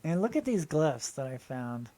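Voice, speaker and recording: Excited rambling man showing finds. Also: on the high side, moderate pace. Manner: excited, rambling, addresses viewers directly. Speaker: channel host. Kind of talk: casual show-and-tell video.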